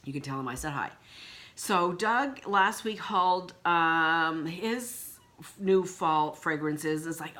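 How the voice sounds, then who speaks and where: A woman's voice: low-pitched, slow pace, bright, forceful tone. A woman vlogging in a casual, indignant rant, blunt and swearing freely. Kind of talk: casual ranting vlog.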